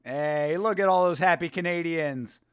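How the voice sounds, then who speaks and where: Excitable high-voiced male host. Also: moderate pace, clean tone. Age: 30s. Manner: excitable, laughs often, slangy. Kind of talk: casual watch-along commentary.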